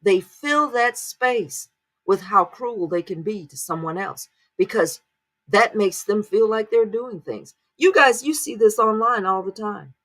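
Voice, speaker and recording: A woman's voice: mid-range voice, a bit bright. A woman hosting a commentary channel, talking casually to her viewers and often asking rhetorical questions. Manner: rhetorical, keeps checking in with "right?". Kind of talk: casual spoken commentary to camera.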